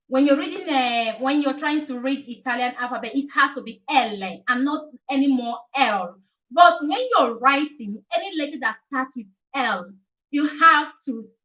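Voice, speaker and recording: On a live chat, a language teacher, a young woman, runs a casual lesson where every point gets repeated and "okay?" comes up constantly. She sits high in pitch with a pushed, bright sound, and the audio is lo-fi.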